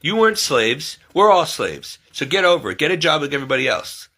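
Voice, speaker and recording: A man's voice: on the high side, very animated, fairly quick, bright, forceful tone, breathy edge. A man hosting his own channel, talking off the cuff in a heated, emphatic way, firing off rhetorical questions and mimicking other people in raised voices. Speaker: online commentary host. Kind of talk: unscripted monologue to camera.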